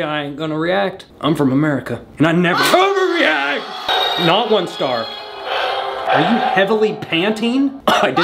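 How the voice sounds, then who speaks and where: A man's voice: fairly high pitch, sing-song, normal speed, over loud music. A man hosting a comedic product-review vlog, sarcastically roasting cheap props with bursts of laughter. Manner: bursts of laughter and startled yelps.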